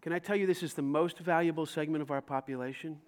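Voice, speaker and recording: A man preaching a sermon as pastor, telling stories with lively acted-out dialogue and rising to loud emphasis. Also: a little high, fast, a little hiss or hum. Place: church sanctuary.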